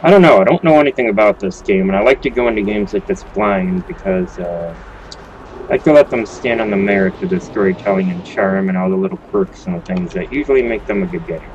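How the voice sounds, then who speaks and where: A man's voice: low voice, brisk, darkish tone, lo-fi sound, slight background noise. A man hosting a let's play, commenting on the game in a casual, joking way and swearing now and then.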